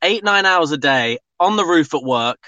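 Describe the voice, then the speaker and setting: Lively bright-voiced British man. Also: fairly high pitch, moderate pace, no room sound, muffled recording. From England. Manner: playful, self-deprecating. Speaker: caller, listener. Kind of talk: casual call-in chat.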